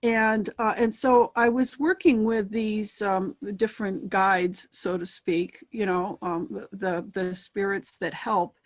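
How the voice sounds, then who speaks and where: A woman who is a spiritualist medium, speaking as an interview guest in a thoughtful, hesitant way with many pauses and ums. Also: medium pitch, steady tone. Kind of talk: casual interview chat.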